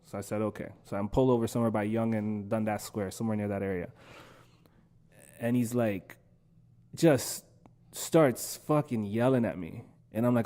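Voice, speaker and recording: A man's voice: on the low side, normal speed, warm tone. A man speaking as a guest on a podcast, telling personal stories in a loose, emphatic way. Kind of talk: casual conversation.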